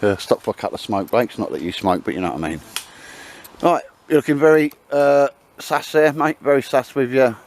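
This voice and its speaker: A man's voice: mid-range voice, expressive, fairly quick. A man, chatting and bantering with mates outdoors, laughing often. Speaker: channel host. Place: outdoors in woods.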